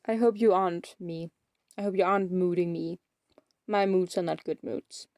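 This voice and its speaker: An eighteen-year-old woman vlogs casually while playing a game, rambling, putting herself down, and often trailing off into mumbles. Her lowish voice is steady, a little mellow, and moderately paced, recorded in studio quality with no room sound.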